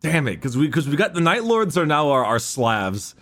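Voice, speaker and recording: A man in casual podcast chat about game lore, animated and profane, sometimes reading quotes with dramatic delivery. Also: a little high, fast. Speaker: podcast co-host.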